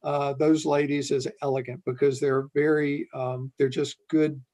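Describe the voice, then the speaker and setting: An older man, a retired police chief, telling a story in an earnest, unhurried way as an interview guest. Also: a little high, little pitch movement, warm tone.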